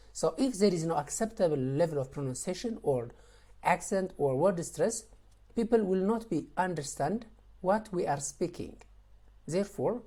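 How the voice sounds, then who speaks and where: A woman giving a recorded college English lesson, explaining slowly and repeating words as she restarts phrases. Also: lowish voice, mellow, husky. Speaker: lecturer.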